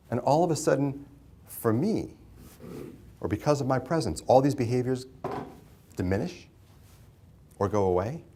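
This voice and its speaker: A man's voice: medium pitch, measured pace, long pauses, warm tone, slight background noise. A man teaching a mediation class, who asks the room questions and repeats their answers back. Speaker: mediation instructor. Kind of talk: interactive classroom lecture.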